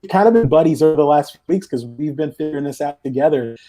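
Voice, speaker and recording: Speaking fast in a mellow, slightly high and expressive voice, a live podcast guest rambles loosely and keeps restarting his sentences. He joins remotely on a headset or headphones for this casual chat.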